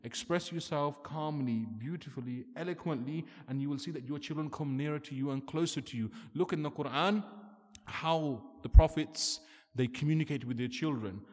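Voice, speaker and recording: Guy giving a sermon, kinda high voice, long echo off the hall, earnest and pushy. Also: normal speed, a little mellow. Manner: earnest, emphatic, rhetorical questions. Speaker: preacher.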